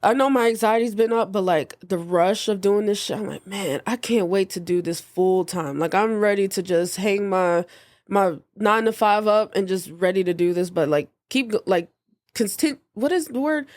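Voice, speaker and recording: A woman's voice: medium pitch, moderate pace, darkish tone, dry recording, studio quality. A young woman hosting a podcast, talking casually in a playful, slangy way. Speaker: podcast host.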